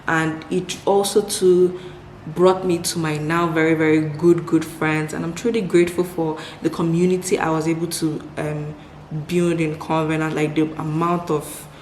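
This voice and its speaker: A woman's voice: low-pitched, flat delivery, moderate pace, a little hiss or hum. A woman from Nigeria in her twenties answering viewer questions in a casual chat, upbeat, often repeating words for emphasis. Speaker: vlogger. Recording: echoey room with faint ambience.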